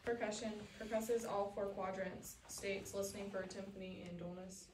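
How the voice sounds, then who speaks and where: A woman reads checklist steps aloud in a flat, level voice. She sounds far from the microphone, in a roomy space with faint background noise. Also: medium pitch, normal speed. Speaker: student reading exam steps.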